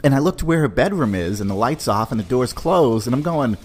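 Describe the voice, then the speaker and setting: A man's voice: mid-range voice, a little fast, a little hiss or hum. A man hosting a podcast, telling a personal story in a loose, conversational way. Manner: loose, conversational, animated, full of "man" and "you know". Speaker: podcast host.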